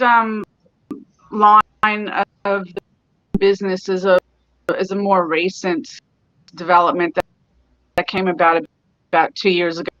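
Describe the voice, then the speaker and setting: Bright-voiced woman guest on a call. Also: fairly low pitch, dry recording. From California. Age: middle-aged. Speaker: guest, spa owner and skincare maker. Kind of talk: remote interview. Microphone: video call. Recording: dull lo-fi call audio.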